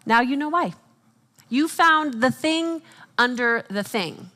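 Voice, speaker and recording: A woman speaking at a Christian conference, teaching with animated asides and jokes for the audience. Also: high-pitched, slow pace. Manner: animated, quotes herself and others in acted voices.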